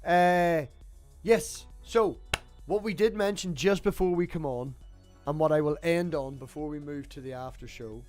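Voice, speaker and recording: A man's voice: on the high side, measured pace, a little mellow, soft background music. A man hosting a casual online chat show, blunt and chatty with casual swearing. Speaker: podcast host.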